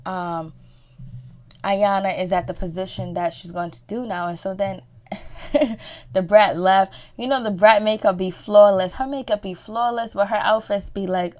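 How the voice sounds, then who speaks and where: A woman's voice: fairly even intonation, normal speed, a little mellow. Chatty woman recapping reality TV. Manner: chatty, swearing, acts out quotes with rising pitch. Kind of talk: casual TV recap monologue.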